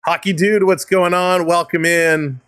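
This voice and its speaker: A man's voice: sits high, fairly even intonation, a little slow, fairly bright tone, smooth, no echo. A man with a Canadian accent hosting a live hockey stream, mixing play-by-play with friendly replies to chat and thanks to viewers. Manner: upbeat, chatty, thanks viewers by name and chuckles often.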